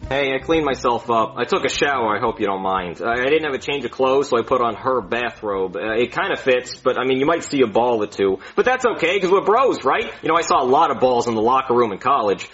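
A man's voice: mid-range voice, lively intonation, fairly quick, few pauses, highs cut off, close to an everyday voice. A man playing a bumbling, insecure male doctor who stammers and berates himself in a comedy skit. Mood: chatty. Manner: stammering, swings into self-hating shouting.

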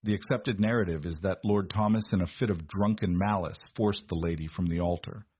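A man's voice: sits low, fairly quick, muffled recording, slight background noise, natural voice. A man reading the part of a cold, pompous male lawyer with a clipped, sneering delivery. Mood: condescending.

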